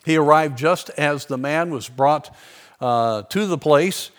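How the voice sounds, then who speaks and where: A man delivers a sermon in a somewhat high voice. He tells his story earnestly and slows down to stress key points. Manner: earnest storytelling preaching, slowing for emphasis. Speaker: preacher.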